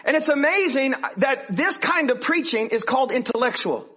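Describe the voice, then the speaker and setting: A man preaching a sermon in an animated way, swinging from hushed to loud. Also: extremely high pitch, normal speed, husky. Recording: dull lo-fi sermon recording.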